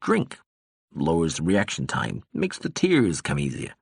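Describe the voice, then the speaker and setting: Man doing a drunken rambling ambassador, slurred speech, lively swooping pitch, husky. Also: unhurried, dry recording, clean studio sound, heavily acted.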